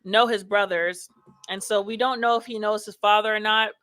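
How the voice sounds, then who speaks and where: A woman hosts a casual live show, reading viewer comments aloud and chatting loosely, peppering her talk with fillers like "like" and "you know." Her mid-range voice is steady, a bit bright, and moderately paced, recorded dry.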